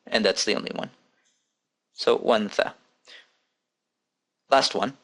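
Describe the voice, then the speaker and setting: Slow, patient male Arabic teacher. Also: on the low side, fairly bright tone. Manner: patient, repeats each word slowly and spells out letters. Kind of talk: recorded language lesson.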